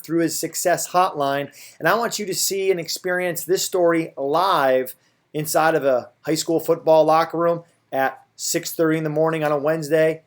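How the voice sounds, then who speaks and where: Brief: upbeat male coach-host, slightly high voice, direct to-camera intro. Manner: upbeat, friendly, direct address. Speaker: performance coach, show host.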